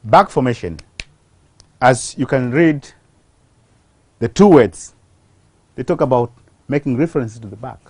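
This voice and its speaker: A teacher walks through a grammar lesson at an unhurried pace. The voice rises and falls a lot, and it often pauses on questions to the class. The sound is close and dry, with no room around it. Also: medium pitch, lively intonation, darkish tone, no echo. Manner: slow, deliberate, asks rhetorical questions. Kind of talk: televised English grammar lesson.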